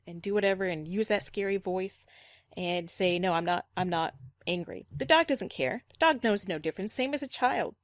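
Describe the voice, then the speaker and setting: A woman's voice: medium pitch, dry recording, studio quality. A woman dog trainer giving reaction commentary, critical and explanatory, repeating her points firmly.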